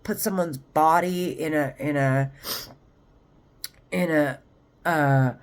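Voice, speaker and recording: A woman's voice: low-pitched, slow. A woman talking straight to camera in a rambling, agitated monologue, swearing often. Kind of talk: monologue vlog.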